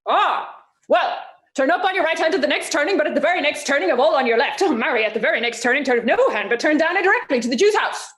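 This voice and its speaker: A woman playing a lively young male clown servant. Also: high voice, slow, full character voice. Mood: mischievous. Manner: comic, bouncy, playing all the inner voices. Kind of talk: Shakespeare stage acting over video call. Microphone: video call.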